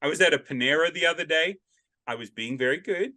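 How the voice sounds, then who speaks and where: A man's voice: on the high side, quick pace, bright, forceful tone. A man with an Australian accent hosting a casual interview, rambling and joking as he drifts off on tangents, speaking over a video call. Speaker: podcast host. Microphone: video call headset.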